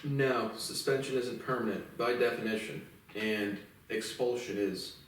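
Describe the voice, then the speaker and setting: A man's voice: mid-range voice, a little slow. A man giving a profane, rambling and indignant solo commentary. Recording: very echoey room, mic far off.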